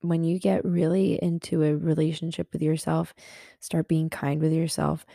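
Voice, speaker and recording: Young woman podcast host, gravelly low voice, earnest self-help chat with lots of fillers, dry close sound. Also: little pitch movement, moderate pace, warm tone, dry recording. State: a little hungover. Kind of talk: casual self-help talk. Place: in her bed at home.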